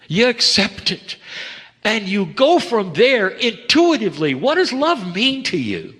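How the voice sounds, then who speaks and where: A man delivering a channeled spiritual message in slow, heartfelt, broken phrases, rising to emphatic lines and dropping to hushed ones. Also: huge pitch swings, breathy edge. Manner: swings between raised emphatic lines and hushed low ones. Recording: long reverb of a large hall.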